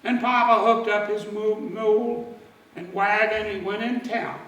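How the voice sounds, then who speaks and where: A man telling a folksy story in dialect at a church service, animated and lively. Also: high-pitched, unhurried, roomy sound, far from the mic, poor audio. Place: church sanctuary.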